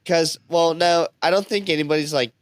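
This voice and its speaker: A man's voice: on the high side, fairly even intonation, a little fast, no echo. A man co-hosting a casual podcast chat, rambling and packing his talk with fillers.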